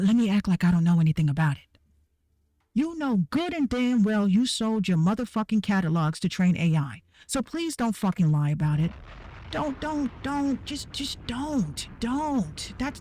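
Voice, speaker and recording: An online creator rants bluntly and heatedly to her viewers on camera, swearing a lot and repeating herself for emphasis. Her voice is medium-pitched and mellow, with no echo.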